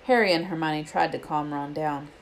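A woman reading a children's book aloud in a steady storytelling way, with small slips. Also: deep voice, moderate pace, a little hiss or hum. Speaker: reader.

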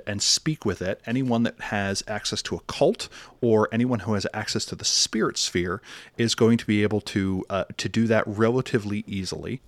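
A man running a tabletop role-playing session, narrating scenes in a relaxed, wry, descriptive way. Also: on the low side, no room sound. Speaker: game master.

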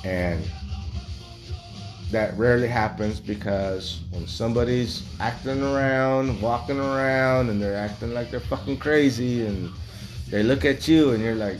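A man's voice: mid-range voice, measured pace, faint music behind. A man in his forties talking candidly in a rambling monologue, blunt and heavily profane. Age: 40s.

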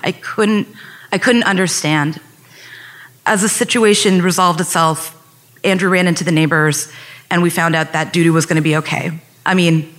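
A woman's voice: fairly low pitch, a bit bright. A young adult woman telling a personal story on stage, earnest and reflective, speeding up when recalling tense moments.

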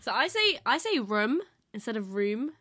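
A woman's voice: fairly high pitch, very animated, a little fast, no echo, clean studio sound. A young woman co-hosting a podcast, teasing and full of slang in casual chat. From London. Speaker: podcast co-host. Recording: loud background noise.

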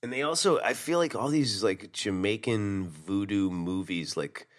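A man's voice: lowish voice, measured pace. A man co-hosting a podcast, chatting casually about a movie and acting out quotes, with lots of fillers. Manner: animated, lots of fillers and quoting. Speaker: podcast co-host.

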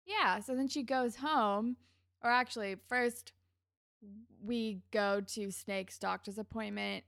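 A woman co-hosts a podcast, rambling through an episode recap in a relaxed way. Her fairly high voice has a lot of vocal fry. The sound is dry and close to the mic. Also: slow, dry recording. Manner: relaxed, rambling, laughs often. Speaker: podcast co-host. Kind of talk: casual chat recapping a TV episode.

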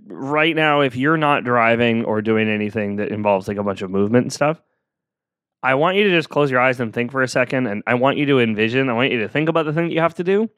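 A man's voice: mid-range voice, a bit bright, dry recording. A man hosting a solo podcast, talking in a rambling, earnest, self-deprecating way with many fillers, close to the mic. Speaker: podcast host. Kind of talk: casual solo podcast monologue.

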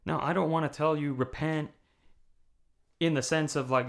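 Gravelly male pastor preaching conversationally. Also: a little high, steady tone, moderate pace. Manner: conversational preaching, rising to impassioned emphasis; frequent checking "okay?" with listeners. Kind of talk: recorded video sermon. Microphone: camera mic.

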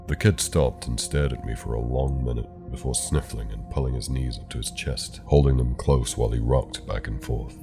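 A man narrating a horror story in a calm, measured way. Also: extremely low pitch. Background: soft background music.

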